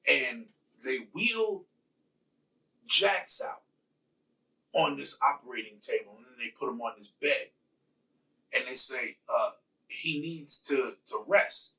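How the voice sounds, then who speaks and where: Man, casual rambling storyteller, bright tone, a bit off-mic. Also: mid-range voice, lively intonation, takes it slowly, creaky, pauses often, far from the mic, rough recording. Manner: rambling, slangy, full of fillers. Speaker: channel host. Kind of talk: casual movie rewrite retelling.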